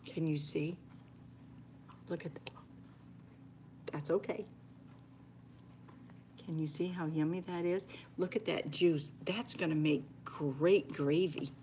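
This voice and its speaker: The voice here is low and darkish, slightly slow, with fairly even intonation. It belongs to an older woman, a homestead cooking vlogger, chatting homily to viewers live as she cooks at home, now and then almost whispering. There is slight background noise.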